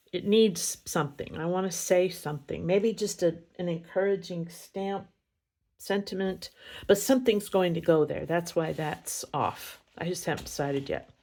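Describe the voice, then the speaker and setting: A woman's voice: fairly low pitch, darkish tone. A middle-aged woman showing her stamped cards in a casual crafting tutorial at home, chatty and rambling, often correcting herself. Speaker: craft demonstrator. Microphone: camera on a stand.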